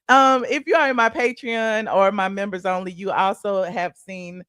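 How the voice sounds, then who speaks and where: A woman's voice: mid-range voice, sing-song, moderate pace, hardly any pauses, a bit bright, no echo. A woman hosting a casual celebrity gossip livestream, sassy and chatty, calling the audience honey and child, humming mm-hmm and laughing between points.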